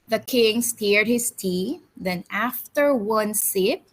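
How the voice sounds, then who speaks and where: A woman teacher reading a picture book aloud to children in an expressive, deliberate way. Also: mid-range voice. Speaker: teacher storyteller.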